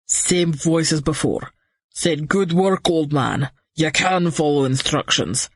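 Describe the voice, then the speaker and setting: A woman voicing a gruff older man in an audiobook, rattled and blunt. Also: sits low, slow pace, dry recording, exaggerated voice. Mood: agitated.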